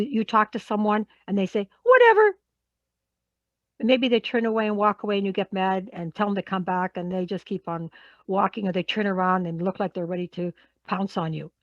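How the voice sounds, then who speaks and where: A woman's voice: mid-range voice, no echo, lo-fi sound. A woman who works in human resources leads an online workshop in a conversational way. She poses questions to her audience and repeats key words.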